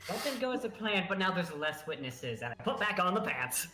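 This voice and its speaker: Lively player with music behind. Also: mid-range voice, fairly quick. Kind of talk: casual play chat.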